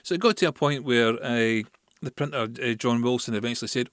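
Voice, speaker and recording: A man's voice: medium pitch, normal speed, clean tone, no echo, studio quality. A Scottish man hosting a podcast, casually explaining history with chatty asides and the odd filler. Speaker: podcast host.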